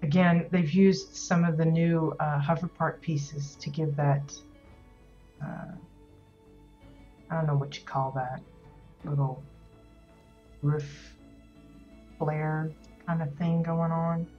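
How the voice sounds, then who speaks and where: A woman's voice: low-pitched, steady tone, takes it slowly, long pauses, warm tone, dull audio, faint music behind. A woman hosting a casual video tour of player-built homes in a game, talking loosely with lots of ums and restarts. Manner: rambling, many ums and restarts. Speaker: host touring player houses in a game.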